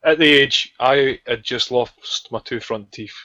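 A man's voice: medium pitch, a little slow, sharp tone, a little hiss or hum. A Scottish man hosting a casual podcast, steering the talk and teasing his friends. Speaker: podcast host. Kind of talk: casual chat. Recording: dull lo-fi podcast audio.

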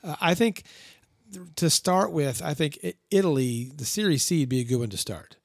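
A man's voice: a little high, normal speed, gravelly, dry recording, clean studio sound. A young man co-hosting a podcast, chatting casually and enthusiastically, rambling and laughing often. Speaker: podcast co-host. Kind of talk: casual chat.

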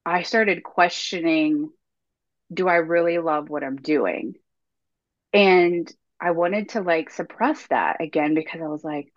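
A woman's voice: on the low side, dry recording. Woman in a dry, dull-sounding remote recording. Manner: animated, acts out her own past self-talk in quotes. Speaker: podcast guest. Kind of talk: candid storytelling interview.

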